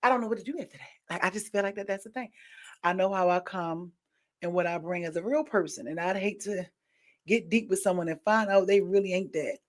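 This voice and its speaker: A woman podcast host in casual commentary, animated and preachy, rambling with slang. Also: mid-range voice, fairly quick.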